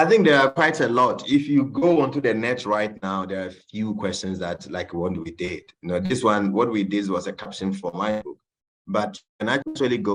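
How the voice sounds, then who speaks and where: A man with a West African English accent, answering questions in a session and telling anecdotes in an animated, playful way. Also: low voice. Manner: animated, acts out little scenes. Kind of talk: informal talk with anecdotes.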